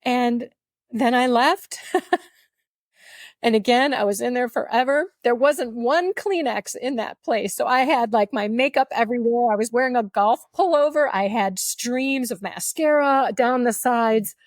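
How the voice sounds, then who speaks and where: A woman guest on a podcast, telling her story in an animated, humorous and emotional way. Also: on the high side, a little slow, no echo, clean studio sound. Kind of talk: storytelling testimony.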